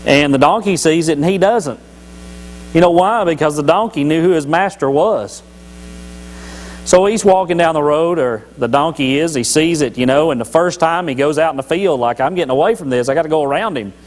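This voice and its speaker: A man with a voice on the high side, speaking at normal speed, gives a folksy, joking devotional talk at church as a lay speaker. He tells Bible stories with many restarts, captured in a low-quality recording.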